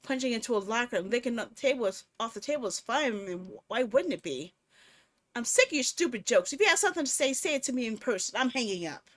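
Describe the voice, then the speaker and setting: A young woman streaming a horror game, commenting casually and reading story text aloud with animated, jokey delivery. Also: on the high side, fast.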